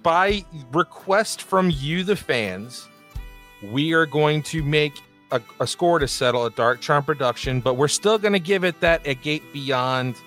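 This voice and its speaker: Casting note: upbeat male co-host, slightly higher pitch, laughs easily, faint music underneath. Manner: excited, quick to laugh. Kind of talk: casual chat.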